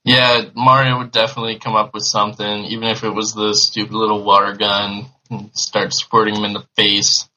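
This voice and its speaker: Low, flat-voiced bright man. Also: brisk, few pauses, slight background noise, poor audio. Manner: offhand, mocking humor. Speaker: panelist. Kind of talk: casual podcast banter.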